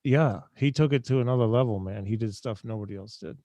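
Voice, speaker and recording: A man's voice: medium pitch, fast, warm tone, no echo, muffled recording. Enthusiastic male host, dry sound. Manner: chatty, enthusiastic, lots of backchannel. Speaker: interview host. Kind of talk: casual interview conversation. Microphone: video call.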